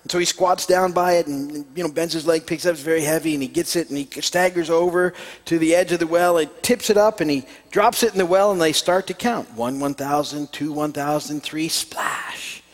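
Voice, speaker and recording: A man's voice: a little high, moderate pace, in a large hall. A man preaching a sermon as a pastor, folksy and hesitant with many fillers, telling a joke and reading scripture.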